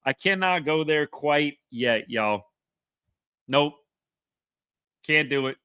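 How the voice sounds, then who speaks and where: A man's voice: on the high side, lively intonation, slow, sharp tone, clean tone, no echo, studio quality. A man hosting a casual live reaction stream, chatty and upbeat as he reads viewer comments. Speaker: livestream host.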